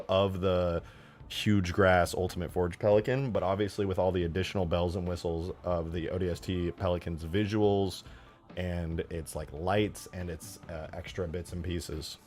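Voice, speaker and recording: A man giving relaxed, rambling commentary while modding a game, often correcting himself as he goes. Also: sits low. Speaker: modding streamer. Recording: faint background music.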